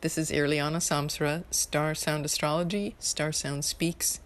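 A woman's voice: deep voice, flat delivery, a little slow. A woman from New York hosting an astrology podcast, talking in a rambling, earnest and emotional way with lots of fillers. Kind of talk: casual spiritual podcast monologue.

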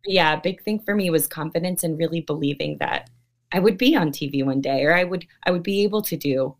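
Interview guest, female actress, lowish voice, bubbly and talkative. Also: fairly quick. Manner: bubbly, laughs often, many fillers. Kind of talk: casual interview chat.

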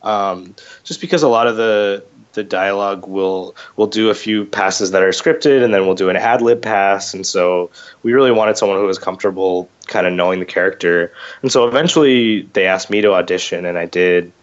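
A man's voice: sits low, normal speed, dull audio. A man being interviewed as a voice actor guest, chatting casually with lots of fillers and restarts, a little under the weather with a cold. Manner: chatty, self-deprecating, many fillers and restarts.

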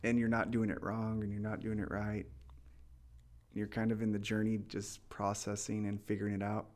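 A man, a pastor, giving gentle, earnest encouragement and then praying over listeners. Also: on the low side, completely flat delivery, moderate pace. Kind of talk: encouraging talk and prayer.

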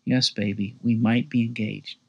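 A tender, wry young woman, as a male narrator reads her lines in a storybook reading. Soft and understated, with a gravelly edge to the voice. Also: mid-range voice, level tone, normal speed, highs cut off. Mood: fond.

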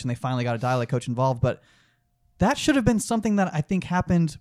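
A man's voice: fairly high pitch, big pitch swings, fast, a little mellow, dry recording, clean studio sound. A man co-hosting a podcast, giving rambling, opinionated takes on a film in casual chat and swearing freely. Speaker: podcast co-host. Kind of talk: casual movie-talk chat.

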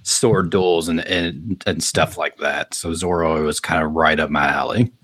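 A man's voice: a bass voice, steady tone, measured pace, a bit bright, a little hiss or hum. A man hosting and running a tabletop game as game master, upbeat and loose with many fillers.

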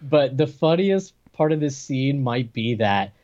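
A man's voice: mid-range voice, lively intonation, unhurried, darkish tone. Chatty man with dull lo-fi sound. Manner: chatty, laughs often, recaps scenes. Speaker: podcast co-host reviewing a movie. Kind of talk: casual chat.

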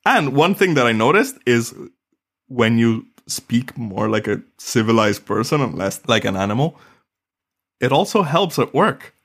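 Animated, laughing podcast co-host man. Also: measured pace. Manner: animated, laughs often, rises in pitch when excited. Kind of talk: casual chat.

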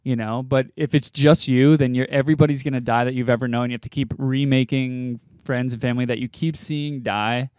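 A man co-hosting a podcast, thinking out loud and hedging with fillers as he talks. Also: mid-range voice, steady tone, fairly quick, few pauses, smooth, dry recording. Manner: thoughtful, hedges with "like" and "you know". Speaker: podcast co-host. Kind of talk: casual chat.

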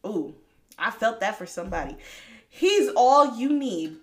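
Woman hosting a faith podcast, lively and preachy, talks right to you, laughs a lot. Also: on the high side, normal speed. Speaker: podcast host. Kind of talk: faith-based motivational talk.

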